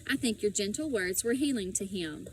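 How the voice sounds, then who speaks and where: A woman's voice: medium pitch, expressive, normal speed, distant mic, slight background noise, close to an everyday voice. A cheerful, self-assured boy talks in a jaunty, chummy manner, with a lilt in his voice, as a woman reading a storybook plays him. He sounds sure that nothing can go wrong. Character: cheerful confident boy sorcerer.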